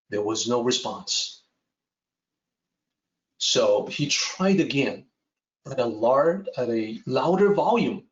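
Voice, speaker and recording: A man teaching a Taoist text, telling a traditional story in a measured lecture style. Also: mid-range voice, far from the mic. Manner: slow, measured, with lively rises and falls. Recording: echoey room, dull sound.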